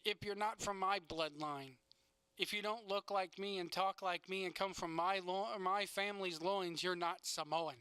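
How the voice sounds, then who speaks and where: A man's voice: high voice, steady tone, moderate pace, sharp tone, smooth, no echo. A young man hosting a casual wrestling podcast, rambling through a recap with sarcastic asides and frequent laughs.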